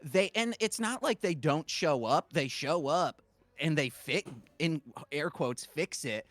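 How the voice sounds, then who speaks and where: A man co-hosting a podcast, telling a story in a jokey, animated way. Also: on the high side, unhurried, no room sound. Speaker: podcast co-host. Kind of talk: casual chat.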